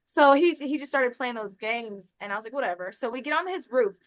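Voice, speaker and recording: Lively Texan woman telling a story. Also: high-pitched, fairly quick, low-quality recording. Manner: animated, acts out voices in her stories with laughs. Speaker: podcast guest, roofing business owner. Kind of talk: casual storytelling.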